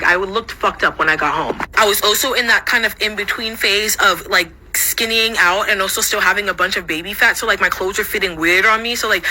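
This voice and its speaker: A young adult woman casually telling a personal story, swearing freely and jumping up high when she quotes people. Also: a little hiss or hum, low-quality recording. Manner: animated, swearing, jumps into high voices when quoting others.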